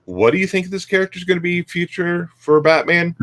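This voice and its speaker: A man's voice: sits high, fairly quick, fairly bright tone. A man co-hosting a comic book podcast, talking casually and hesitantly with many fillers. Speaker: podcast co-host.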